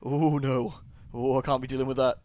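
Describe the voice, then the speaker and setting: A man's voice: mid-range voice, level tone, moderate pace, a little mellow, dry recording. A young man giving chatty, joking commentary while playing a video game. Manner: joking, chatty, riffing asides. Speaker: let's play host. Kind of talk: casual gaming commentary. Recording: game sound behind the voice.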